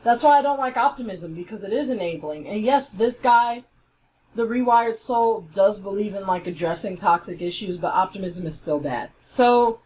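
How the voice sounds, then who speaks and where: A woman giving a heated, blunt commentary, swearing freely as she picks apart an online argument. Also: a little high. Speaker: YouTube commentator. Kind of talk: ranting commentary.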